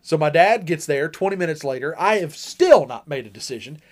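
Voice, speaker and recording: A man with a somewhat raised pitch talks loosely on a podcast. He drags his anecdotes out and swears now and then in passing. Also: expressive. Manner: drawn-out anecdotes, mild swearing. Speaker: podcast co-host. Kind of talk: casual chat.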